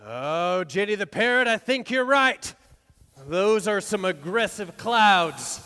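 A man performs as a ship's captain for a live audience, coaxing the crowd into joining in and shouting theatrically. His voice is strikingly high and bright, his delivery unhurried. A long reverb from a big venue trails each line. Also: animated. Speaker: costumed ship-captain performer leading a live audience show. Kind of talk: live audience interactive storytelling.

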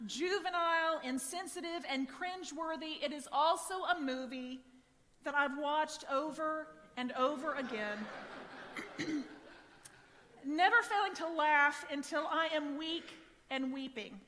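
High, bright-voiced woman pastor preaching. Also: slow pace, pauses often, slight background noise. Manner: animated, wry, self-deprecating humor. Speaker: associate pastor. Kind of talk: sermon. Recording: long church reverb.

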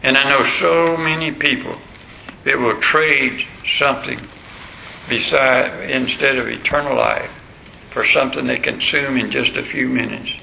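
Gravelly, sharp-voiced male pastor preaching. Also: mid-range voice, fairly even intonation, a little slow, a little hiss or hum. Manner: emphatic, repeats phrases for stress. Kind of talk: sermon. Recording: roomy echo.

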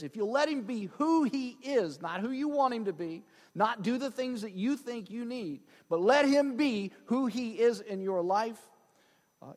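A man delivers a sermon with real drive, hammering points home by saying them twice. His voice sits high and swings widely in pitch. A long reverb from a large hall trails after every phrase. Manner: animated, emphatic, repeats phrases for stress. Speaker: pastor.

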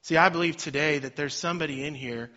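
A man, a pastor, preaching a sermon with dynamic swings between loud emphasis and soft, quiet lines. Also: a little high, quick pace, lo-fi sound.

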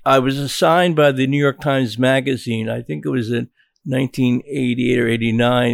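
Creaky-voiced older American man recalling. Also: medium pitch, dry recording, clean studio sound. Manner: halting, repeats words and restarts. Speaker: journalist guest. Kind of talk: interview storytelling.

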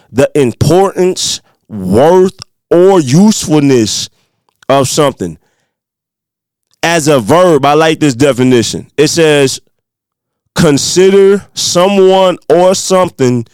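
A man's voice: on the high side, a little mellow, clear, resonant tone, no echo. Hyped Midwestern country man podcasting. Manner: hyped, preachy, talks to listeners as "y'all". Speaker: podcast host. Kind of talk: motivational podcast talk.

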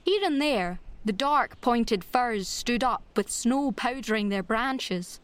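A woman narrating a classic novel as an audiobook, measured and expressive. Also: a little high, smooth, dry recording.

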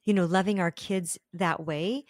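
A woman co-hosting a faith podcast, speaking calmly and reflectively. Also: lowish voice, normal speed, dry recording, studio quality. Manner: calm and reflective, with some fillers. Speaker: podcast co-host. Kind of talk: casual faith podcast chat.

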